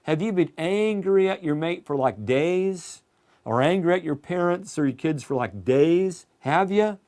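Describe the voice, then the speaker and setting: A man's voice: fairly high pitch, animated, unhurried, darkish tone. Man preaching in a conversational sermon. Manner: conversational, asks listeners direct questions.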